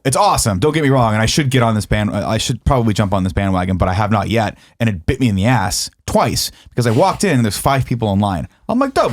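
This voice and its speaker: Fast-talking man telling a rant story. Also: medium pitch. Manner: profane, animated, acts out his own ranting. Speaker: podcast co-host. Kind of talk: casual storytelling chat. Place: studio.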